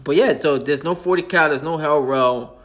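A man hosting a casual hip-hop talk podcast, loose and profane, often laughing and speaking in quick bursts. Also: a little high, fairly bright tone. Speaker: podcast host.

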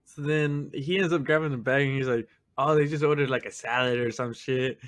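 A man's voice: medium pitch, fairly even intonation, a little fast, a bit bright. A man who is a friend of the podcast host, telling a story in casual chat, often laughing and acting out what people said. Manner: laughing storyteller, acts out quotes.

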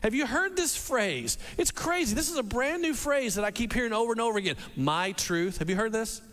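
Lively high-voiced male preacher. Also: quick pace. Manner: animated, repeats words as he restarts, acts out quotes. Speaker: pastor. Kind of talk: sermon. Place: church hall with a congregation. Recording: long reverb of a large hall.

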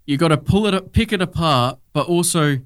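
A man, co-hosting a casual movie-review chat, animated and swearing as he acts out other people. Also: a little high, fairly quick. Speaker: podcast co-host.

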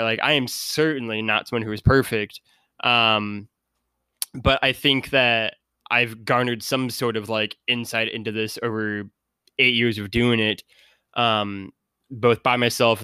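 A man chatting as a podcast guest, looping back on his points with constant "like" fillers. His voice is bright and crisp. The recording is dry and close, with no room sound. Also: medium pitch, dry recording. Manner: rambling, many "like" fillers. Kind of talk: casual podcast chat.

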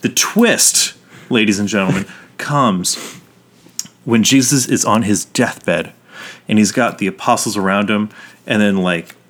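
A man's voice: on the low side, a little slow. A man co-hosting a casual podcast, telling movie stories with energy, swearing freely and acting out quotes. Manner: animated storytelling, swears freely, acts out quotes. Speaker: podcast co-host.

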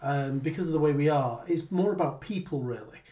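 Wry relaxed man, echoey room. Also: fairly high pitch, brisk. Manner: relaxed, wry, dry humor. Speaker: podcast co-host. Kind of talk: candid casual chat.

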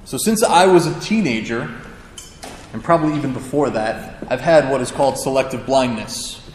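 Pastor telling a story in an echoing hall. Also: male voice, mid-range voice, expressive, normal speed, a little mellow, slight background noise. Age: adult with a child. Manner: conversational storytelling with self-deprecating humor. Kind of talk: sermon. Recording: echoey hall with long reverb.

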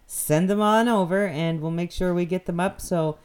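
A woman's voice: on the low side, normal speed, darkish tone, clear, resonant tone. A woman from New Brunswick, Canada, hosting a radio interview in a chatty, rambling way and laughing easily. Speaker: radio show host.

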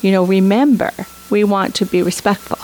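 A woman's voice: medium pitch, a little fast, a little mellow, soft background music, low-quality recording. Enthusiastic woman guest in an interview. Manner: enthusiastic, frequent "right?" tags. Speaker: empathy program instructor.

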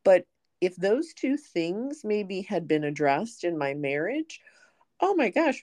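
A woman's voice: medium pitch, darkish tone, no echo, clean studio sound. A woman hosting a podcast, sharing personal stories in an earnest, conversational way. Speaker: podcast host. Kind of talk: casual conversational interview.

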